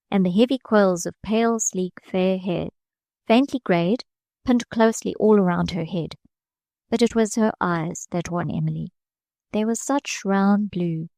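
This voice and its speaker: A woman narrating a classic novel as an audiobook, reading in a measured way and lifting her voice slightly for the characters' lines. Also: dark tone, dry recording, clean studio sound. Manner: measured reading, small lifts of pitch for quoted characters.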